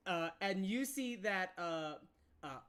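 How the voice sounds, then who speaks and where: A woman's voice: medium pitch, animated, slow pace, fairly bright tone. A woman narrating as game master of a tabletop game, giggly and rambling with many fillers.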